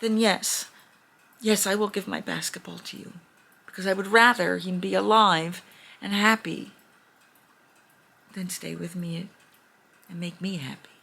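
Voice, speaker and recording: A woman's voice: mid-range voice, fairly even intonation, measured pace, gravelly, long pauses, pushed and bright, exaggerated voice. Woman doing an earnest, pleading little girl.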